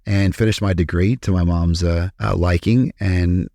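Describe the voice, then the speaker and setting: Low-voiced candid man from Kentucky. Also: moderate pace, gravelly, no echo, studio quality. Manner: candid, profane, animated. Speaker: podcast guest. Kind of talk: casual storytelling interview.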